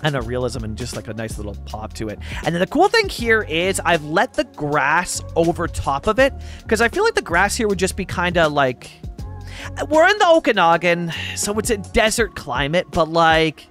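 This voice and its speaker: A man's voice: on the high side, big pitch swings, normal speed, fairly bright tone. A man from Vancouver giving casual gameplay commentary over a city-building game, rambling, chuckling often and thinking aloud. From Canada (Vancouver). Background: faint background music.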